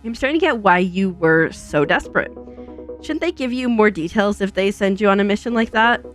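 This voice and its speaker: Woman voicing a wry young guy, sarcastic, curious, lively pitch, game dialogue read aloud, faint music. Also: brisk, close to an everyday voice.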